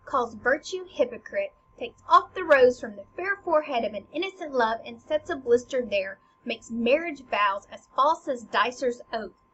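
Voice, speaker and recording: An intense young prince hurls slow, loud accusations, as a woman puts him on. The voice sits fairly high and comes through a slightly muffled recording with a faint hiss behind it. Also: expressive. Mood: accusing.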